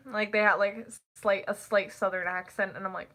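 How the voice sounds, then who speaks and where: A teenage girl chatting casually to the camera, rambling and packing her talk with "like" and quick laughs. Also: mid-range voice, steady tone, fairly bright tone. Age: teens. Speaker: vlogger.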